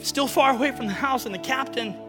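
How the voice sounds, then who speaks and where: A man preaching a lively sermon in church, acting out Bible stories in casual, slangy talk. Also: extremely high pitch, a little fast, big-room sound, over music. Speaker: pastor.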